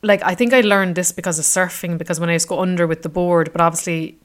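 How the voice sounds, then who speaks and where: A woman's voice: lowish voice, fairly even intonation, quick pace. A woman of about thirty, chatting casually about her travels, rambling with many fillers. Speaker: travel vlogger.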